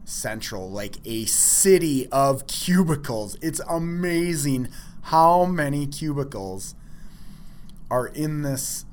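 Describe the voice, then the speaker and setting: Animated man telling a personal story. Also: on the high side, takes it slowly. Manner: animated, self-deprecating, many fillers.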